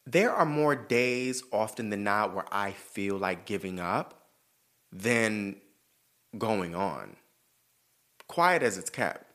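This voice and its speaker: A man's voice: fairly low pitch, animated, slow, long pauses, a bit bright. A man hosting a podcast, giving blunt, profane advice in a sassy, emphatic way and turning earnest when he talks about himself. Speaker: podcast host. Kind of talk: casual advice chat.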